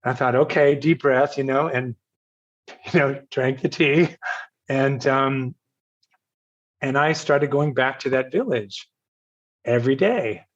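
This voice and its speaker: An older man from Virginia, a podcast guest telling a personal story in a halting, self-correcting way with frequent laughs. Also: mid-range voice, lo-fi sound. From Virginia, USA. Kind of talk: casual storytelling interview.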